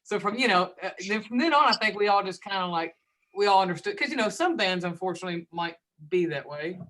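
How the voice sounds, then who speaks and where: A man tells rambling, relaxed tour stories in a casual chat. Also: high voice, fast talker, poor audio. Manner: relaxed, rambling storyteller with Southern speech. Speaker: band member co-hosting a chat.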